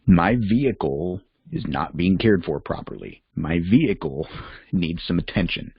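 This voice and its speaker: A man's voice: deep voice, lively intonation, a little slow, slightly rough, dry recording, highs cut off. A man hosting a reflective self-help talk, candid and conversational, thinking aloud as he goes. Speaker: podcast host and life coach.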